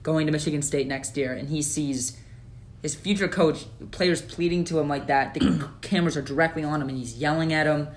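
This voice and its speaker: Animated young guy talking sports. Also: fairly high pitch, a little fast. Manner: animated, opinionated, lots of fillers. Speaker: podcast co-host. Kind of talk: casual sports podcast chat.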